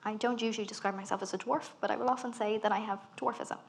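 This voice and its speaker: A woman about thirty with an Irish accent, a guest speaker in a live onstage conversation, telling animated stories and acting out quoted lines. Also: medium pitch, quick pace, creaky, a little hiss or hum. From Ireland. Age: 30s. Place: festival talk stage.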